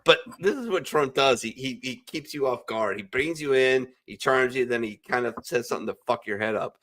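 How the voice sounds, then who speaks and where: Speaking a little fast with a mid-range, slightly bright voice, a man hosts a veterans' podcast chat over a video call from home. The talk is casual, and he rambles bluntly and profanely through what he thinks.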